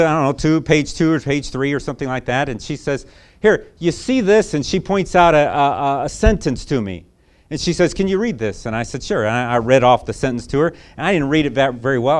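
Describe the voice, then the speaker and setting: A man's voice: mid-range voice, clear, resonant tone. A man preaching a sermon, telling a folksy personal story in a repetitive, conversational way before turning to emphatic preaching.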